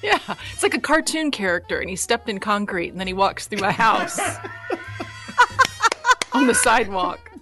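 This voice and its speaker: A woman's voice: medium pitch, very animated, fairly quick, few pauses, loud music behind the voice. A woman chiming into a morning radio show through headphones, teasing her husband with laughing remarks. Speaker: host's wife, calling in on headphones. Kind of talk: casual radio banter.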